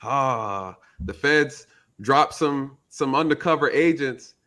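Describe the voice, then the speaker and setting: A man's voice: medium pitch, lively intonation, slow, pushed and bright. A man who is a retired police officer, hosting a casual commentary show, emphatic and repeating his key points.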